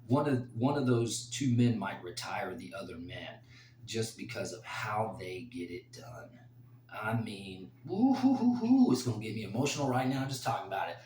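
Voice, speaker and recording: A man giving his fight picks in a casual, rambling solo talk that turns emotional and excited. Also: on the low side, roomy sound, slight background noise. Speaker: host making fight picks.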